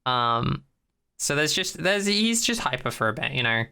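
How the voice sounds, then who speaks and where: A podcast co-host in a casual chat, retelling a TV episode in an animated, rambling way, acting out the scenes. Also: medium pitch, normal speed, gravelly, clean tone.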